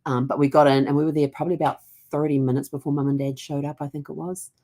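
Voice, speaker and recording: A middle-aged genealogy vlogger from New Zealand shares family stories casually, laughing now and then. Her low, warm voice moves little in pitch and runs at a quick pace.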